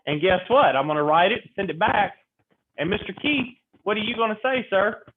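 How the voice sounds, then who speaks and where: A man lecturing a real estate class, acting out clients and agents in quick animated stories. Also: high voice. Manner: animated storytelling, role-playing clients in quotes. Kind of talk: classroom lecture with acted-out examples. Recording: tinny phone-like audio with faint noise.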